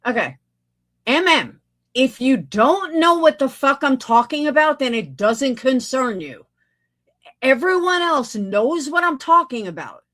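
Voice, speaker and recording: Woman streamer ranting back, sarcastic and sweary, pitch swinging all over, a bit high. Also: very animated, a little slow, fairly bright tone. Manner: blunt, sarcastic, profane. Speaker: livestream host. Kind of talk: casual livestream commentary.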